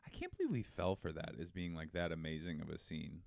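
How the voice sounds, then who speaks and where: A man co-hosting a podcast, talking in a loose, rambling, self-deprecating way with plenty of fillers. His voice sits low and sounds smooth and resonant. The recording is dry and close. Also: lively intonation, fairly quick, a little mellow, dry recording. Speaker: podcast co-host. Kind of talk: casual podcast chat.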